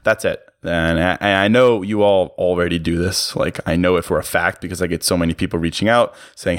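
A man's voice: low-pitched, steady tone, fairly quick, few pauses, no room sound, studio quality. A young man hosting a podcast, talking in an earnest, friendly, casual motivational way with slang and restarts. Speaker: podcast host.

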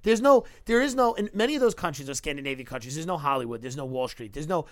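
A young man rants through comic stories on a podcast, jumping between asides and mocking impressions. His voice sits a little high for a man. The sound is dry and close, with no room around it. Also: expressive, fast talker, dry recording. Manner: rambling storyteller, acts out tourists in mocking voices. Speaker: podcast guest. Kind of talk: casual comedic chat.

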